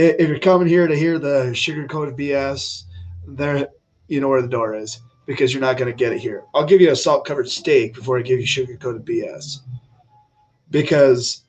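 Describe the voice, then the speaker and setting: Blunt, opinionated man hosting a livestream; unhurried delivery, mid-range pitch, rambling chat. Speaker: livestream host. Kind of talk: casual political livestream talk.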